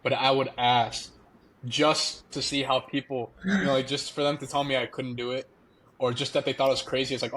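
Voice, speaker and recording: A man's voice: mid-range voice, flat delivery, fairly quick, a bit bright. A young man, a former college baseball player, animatedly telling a story as a podcast guest, often laughing. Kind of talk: casual storytelling.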